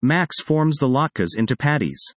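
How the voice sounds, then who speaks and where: A man reading a personal essay aloud in a wry, expressive storytelling manner. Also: mid-range voice, measured pace, no echo. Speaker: narrator.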